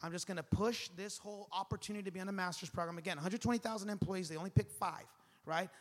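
A man in his thirties preaching a sermon as pastor, animated and conversational, calling on the congregation to respond. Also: sits high, quick pace. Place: large church hall. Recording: long hall reverb.

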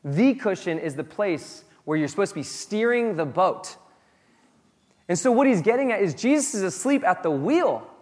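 Guy preaching, kinda high voice, chatty, goes big then quiet, long echo. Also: normal speed. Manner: casual, swings from loud excited asides to soft low reflection. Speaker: pastor. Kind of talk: sermon.

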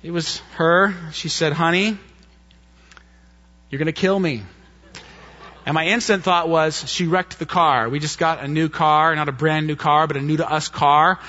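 A man preaching, telling a personal story in an animated way and acting out the quotes. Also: fairly high pitch, measured pace, long pauses. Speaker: pastor. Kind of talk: sermon storytelling. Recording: dull muffled lo-fi sound.

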